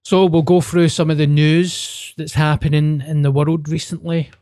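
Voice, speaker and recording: Sweary man, dark and dry. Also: fairly high pitch, level tone, moderate pace, no echo. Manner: blunt, sweary banter. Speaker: podcast host, comedian. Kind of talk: casual chat.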